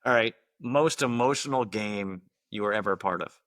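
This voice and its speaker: A man's voice: fairly low pitch, moderate pace, fairly bright tone, no echo. A man hosting a podcast, asking his guest direct, upbeat questions. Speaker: podcast host. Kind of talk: interview questions.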